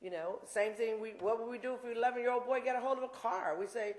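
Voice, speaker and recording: A woman's voice: fairly high pitch, fast talker, hardly any pauses, roomy sound. A woman in her sixties giving a blunt, impassioned campus talk full of asides, then taking audience questions. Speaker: invited speaker. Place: university lecture room.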